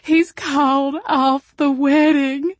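A woman's voice: fairly high pitch, lively intonation, dry recording, pitched above the performer's own voice. Give me a woman playing a sobbing backwoods werewolf woman, plaintive and drawn out, for a storybook. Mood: wailing. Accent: rural Southern US backwoods. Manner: wailing, drawn-out vowels.

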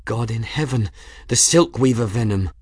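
A determined young woman, quietly urgent, as a male narrator lifts his voice for her. Her lines sit clearly higher than his low reading voice, recorded dry and close. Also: normal speed, dry recording, natural voice.

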